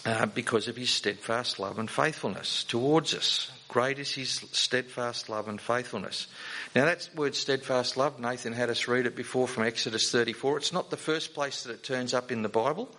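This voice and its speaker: A man's voice: mid-range voice, moderate pace, sharp tone, low-quality recording. A man giving a sermon in a conversational way, often asking the congregation rhetorical questions. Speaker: preacher.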